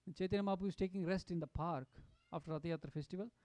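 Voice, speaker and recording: A man giving a devotional storytelling talk at a satsang, animated and full of fillers and restarts. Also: sits high, rapid-fire, no echo. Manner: animated, acts out quotes, many fillers and restarts. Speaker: satsang speaker.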